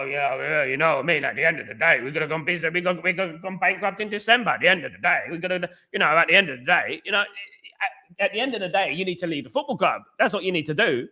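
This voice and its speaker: Ranting British man, bright-voiced fan host. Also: on the high side. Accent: British English. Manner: ranting, repetitive, frequently says "at the end of the day". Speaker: football podcast host. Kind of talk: live-stream fan commentary reading chat.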